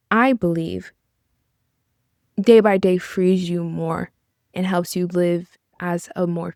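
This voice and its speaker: Earnest woman with a gravelly fry. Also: medium pitch, dark tone, dry recording, studio quality. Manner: earnest and encouraging, with casual asides. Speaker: podcast host. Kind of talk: reflective podcast monologue.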